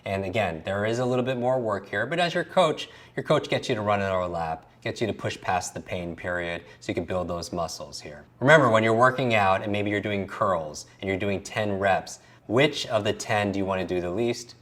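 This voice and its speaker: A man with a slightly low voice teaches a memory lesson in a coaching tone. He drills each letter sound aloud, repeats it and asks the listener to say it along with him. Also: a little fast, few pauses, fairly bright tone. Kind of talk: recorded lesson.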